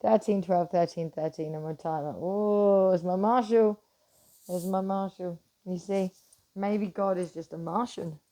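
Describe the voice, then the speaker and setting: A middle-aged woman chatting casually to camera, animated and swearing freely, swinging from loud bursts to hushed asides. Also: on the low side, normal speed. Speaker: vlogger.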